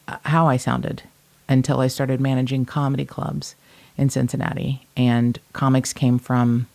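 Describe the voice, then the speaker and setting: A woman's voice: extremely low pitch, creaky, dark tone. A woman from Northern Kentucky co-hosting a true-crime podcast, telling stories in a blunt, salty, casual way. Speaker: podcast co-host.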